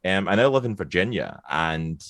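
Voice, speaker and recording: A Scottish man in his thirties, a podcast guest chatting casually and telling stories with lively laughter. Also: sits low, normal speed, dry recording, clean studio sound. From Scotland. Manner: animated storyteller, laughs often. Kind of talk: casual chat.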